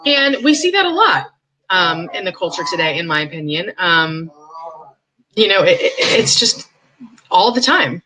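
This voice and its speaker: Bright-voiced woman giving candid commentary. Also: sing-song, a little slow, rough recording. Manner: candid, opinionated, acts out others in high mocking voices. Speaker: podcast host. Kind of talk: casual commentary.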